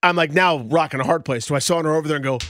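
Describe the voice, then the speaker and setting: Fast-talking male sports radio co-host. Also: on the high side, a little hiss or hum. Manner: animated storyteller, acts out quoted voices. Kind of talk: casual sports radio banter.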